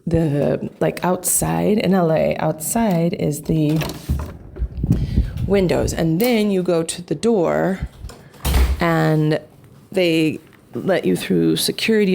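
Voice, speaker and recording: Woman vlogger, unhurried and warm, animated and chatty, tells a story to camera. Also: deep voice, creaky, a little hiss or hum. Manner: animated, rambling, many fillers. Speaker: family vlogger.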